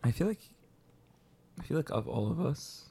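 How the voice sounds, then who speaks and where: A man co-hosting a podcast, chatting casually with jokes and hesitant pauses. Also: medium pitch, very animated, gravelly, warm tone, husky. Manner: joking, hesitant. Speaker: podcast co-host. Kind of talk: casual chat.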